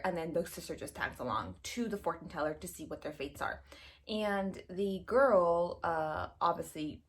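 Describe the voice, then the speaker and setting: Chatty young woman, slightly low voice. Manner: chatty, gushing, lots of "like" and quoted reactions. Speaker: book vlogger. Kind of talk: casual chat.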